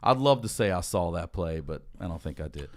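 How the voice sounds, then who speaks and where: A man's voice: sits low, a little fast. A man telling casual, profane stories as a podcast guest, acting out what people said. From Baltimore. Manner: profane, animated, acts out quotes. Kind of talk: casual storytelling.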